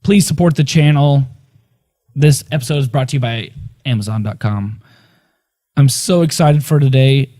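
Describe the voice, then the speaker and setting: Excitable dude chatting movies, warm mellow voice, jokey. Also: male voice, mid-range voice, moderate pace, long pauses. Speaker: podcast co-host. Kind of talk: casual movie chat.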